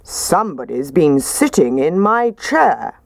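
A big father bear grumbles his lines in a gruff, low voice, as a woman reading aloud puts him on. The sound is close and dry. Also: sing-song, slow, no echo, full character voice.

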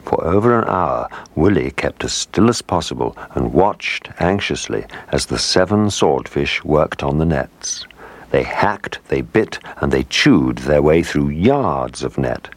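A man reading a children's story aloud in a lively, expressive way. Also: a bass voice, measured pace, no room sound. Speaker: narrator.

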